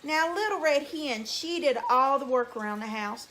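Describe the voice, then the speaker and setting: A teacher reading a folk tale aloud to young children, animated and drawn out. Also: female voice, high voice, normal speed, hardly any pauses.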